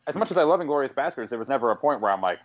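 A man guesting on a podcast, chatting in a relaxed, good-humored way. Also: mid-range voice, rapid-fire, highs cut off. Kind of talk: casual chat.

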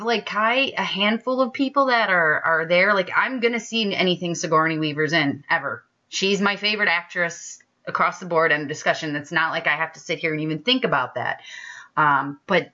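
A woman's voice: lowish voice, pushed and bright, lo-fi sound. A woman co-hosting a podcast, chatting candidly and enthusiastically, swearing casually. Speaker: podcast co-host. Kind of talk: casual chat.

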